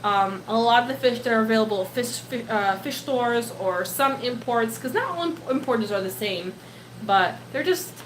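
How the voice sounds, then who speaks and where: With background noise behind her, a young Polish woman speaks at a moderate pace in a slightly high voice. She grew up with Polish and hosts a casual pet live stream, reading out viewer comments, giggling, and slipping into baby talk with her pet.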